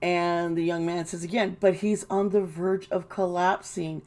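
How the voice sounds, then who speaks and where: A woman's voice: fairly low pitch, level tone, a little slow, darkish tone. A woman giving casual, indignant commentary, swearing and mocking the people she quotes. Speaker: tarot reader and commentator.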